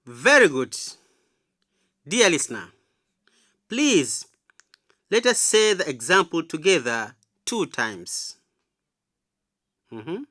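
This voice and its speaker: A woman teaching a radio lesson for children, slowly leading the listeners to repeat phrases after her. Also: low voice, sing-song, fairly bright tone, clean studio sound. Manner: slow, encouraging, repeats phrases for listeners to echo.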